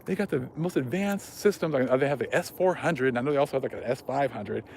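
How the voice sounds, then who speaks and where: A man voicing an agitated man, an off-grid desert prepper, ranting in a raised, high-pitched voice. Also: fast talker, darkish tone, slight background noise, lightly acted. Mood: indignant.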